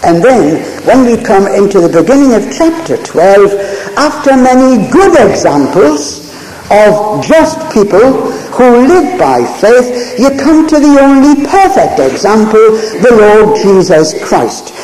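A man preaching a Bible teaching sermon in a slow, deliberate way, repeating key phrases as he goes through a passage. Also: sits high, very animated, darkish tone, a little hiss or hum. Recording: roomy hall recording.

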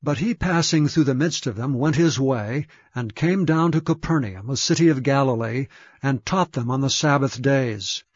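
A man's voice: mid-range voice, normal speed, no room sound. Solemn man reading scripture, dull recording. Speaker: scripture reader.

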